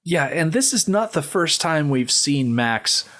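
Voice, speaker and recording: A man hosting a podcast, talking through a film scene in a measured, explanatory way. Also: on the high side, sing-song, a bit bright. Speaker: podcast host. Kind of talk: casual film discussion.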